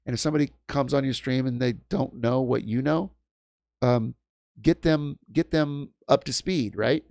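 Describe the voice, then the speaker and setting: A man's voice: mid-range voice, normal speed, creaky, a little mellow, no echo, studio quality. A man in his fifties hosting a livestream, ranting heatedly with lots of swearing and stumbling restarts. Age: 50s. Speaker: livestream host. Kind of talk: heated casual stream chat. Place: home in New York.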